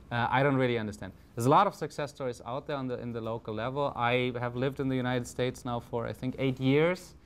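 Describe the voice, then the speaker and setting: A man's voice: medium pitch, clean tone. A man with a German accent giving a conference talk, hesitant, with many fillers and restarts. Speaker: panel speaker.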